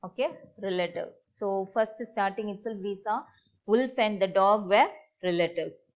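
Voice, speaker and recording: A woman's voice: medium pitch, moderate pace. A woman teacher explains a story line by line to a class, repeating phrases and asking checking questions. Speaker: school teacher. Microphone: online class recording. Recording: dull lo-fi online class audio.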